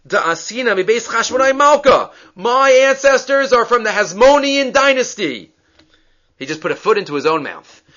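A man's voice: extremely high pitch, big pitch swings, moderate pace, sharp tone. A man teaching a Talmud class, reading and translating the text and acting out the dialogue with animation. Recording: dull lo-fi recording.

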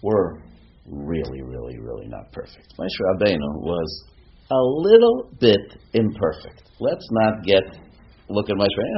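Deep-voiced rabbi, lively lecturing. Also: male voice, a little slow. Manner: animated, asks rhetorical questions, mixes in Hebrew terms. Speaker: rabbi teaching a class. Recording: dull lo-fi recording with faint noise.

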